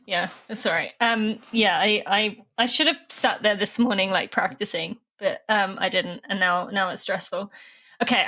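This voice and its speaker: A woman's voice: medium pitch, sharp tone. A British woman in her thirties hosting a podcast, chatty and self-deprecating, with nervous laughs. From Britain. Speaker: podcast host. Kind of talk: casual interview chat.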